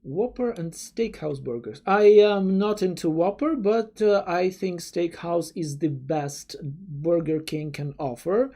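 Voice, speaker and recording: Slow but with few pauses, this young adult streamer talks in a warm, mid-range voice while reading chat. They are a native Russian speaker, and the casual live-stream chat rambles with stammered restarts and offhand swearing.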